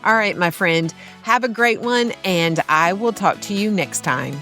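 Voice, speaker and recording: A woman's voice: mid-range voice, unhurried, soft background music. A middle-aged woman hosting a solo podcast, telling stories in an easy, meandering way with fillers and restarts. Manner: warm storytelling with fillers and restarts. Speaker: podcast host.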